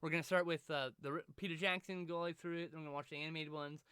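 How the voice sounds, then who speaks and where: Chatty streamer co-host with a bright, crisp voice, dry close sound, swears freely. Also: mid-range voice, fairly even intonation, rapid-fire, no echo. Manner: rambling, profane, restarts often. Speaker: podcast co-host. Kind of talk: casual chat.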